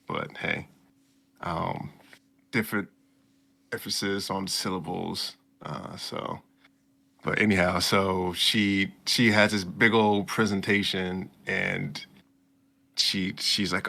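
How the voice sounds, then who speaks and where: A man casually recapping an anime episode as a podcast co-host, slipping into quick mock voices for the characters. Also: low voice, creaky, bright, forceful tone. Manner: loose storytelling with slang and quick mock voices.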